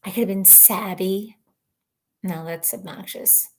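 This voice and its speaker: An adult woman who is a mother of children hosts a casual live stream, reading viewer comments aloud in a chatty, rambling way. She laughs often and thinks out loud, speaking at medium pitch and an unhurried pace.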